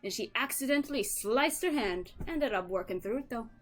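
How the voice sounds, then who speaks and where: A woman's voice: fairly high pitch, expressive, normal speed, faint music behind, voice pushed up. A woman putting on a chirpy halfling villager with a wobbly Irish lilt. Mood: cheerful. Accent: attempted Irish, slipping toward Southern US. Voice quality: lilting, with frequent "aye".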